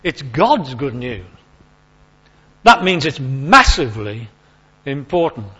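A man's voice: medium pitch, big pitch swings, slow, sharp tone, husky. A man giving an informal, chatty sermon, repeating key phrases for emphasis. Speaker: preacher. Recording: lo-fi recording.

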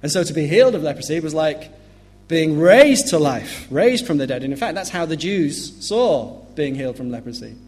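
A man preaching an earnest sermon, emphatic and dropping to a hush on grave points. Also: on the high side, lively intonation, normal speed. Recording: long hall reverb.

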